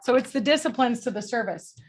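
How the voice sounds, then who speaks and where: A middle-aged woman leading a group coaching call, energetic and blunt, motivational, with casual swearing. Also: a little high, fairly quick, a little hiss or hum. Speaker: sales coach.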